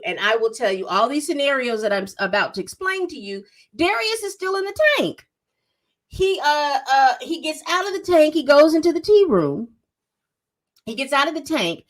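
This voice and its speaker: A woman's voice: high-pitched, moderate pace. A woman casually recapping a TV episode, acting out the characters' lines as she tells it. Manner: animated storytelling, acts out quotes. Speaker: TV recap vlogger.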